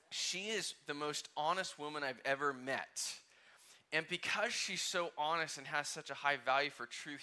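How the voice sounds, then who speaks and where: A man's voice: mid-range voice, bright, forceful tone. A male pastor preaching a conversational sermon, asking the congregation questions and acting out quotes.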